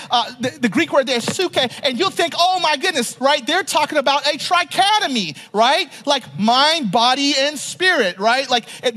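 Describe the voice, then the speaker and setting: A male pastor delivering a sermon, often pausing to ask the congregation to finish a phrase, repeating and restarting words, and swinging from emphatic to hushed. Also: very high-pitched. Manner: asks the congregation to fill in words, frequent "right?"; stumbles and repeats words while talking freely.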